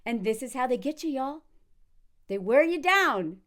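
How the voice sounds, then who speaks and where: High-voiced woman commenting casually. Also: normal speed. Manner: animated, frequent laughs, acts out quotes in character voices. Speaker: commentary video host.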